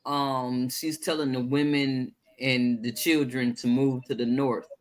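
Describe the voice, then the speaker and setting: A woman's voice: extremely low pitch, level tone, a little slow. A woman in a casual chat, giving her frank opinions.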